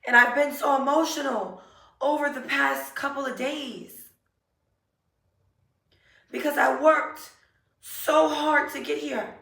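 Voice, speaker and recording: A woman giving an earnest, emotional motivational talk, repeating affirmations slowly. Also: high voice, steady tone, vocal fry, sharp tone. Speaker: self-help vlogger. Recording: roomy echo, a bit far from mic.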